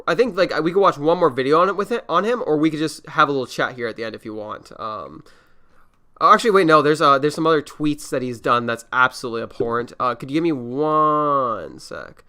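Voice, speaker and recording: A man's voice: a little high, lively intonation, a little fast, sharp tone, clear, resonant tone. A man hosting a casual reaction podcast, rambling and swearing freely. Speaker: podcast host.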